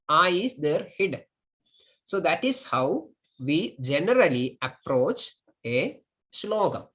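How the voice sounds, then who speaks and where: A man giving a step-by-step lesson, patient and deliberate. He speaks slowly, saying words again and again so learners can follow. His voice is bright and forward. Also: on the high side, big pitch swings. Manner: patient, repeats each word slowly for learners. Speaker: Sanskrit and Ayurveda teacher.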